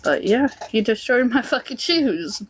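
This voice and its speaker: A woman's voice: a little high, animated, unhurried, breathy edge. Profane, rambling woman ranting casually. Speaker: vlogger. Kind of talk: casual rant to camera.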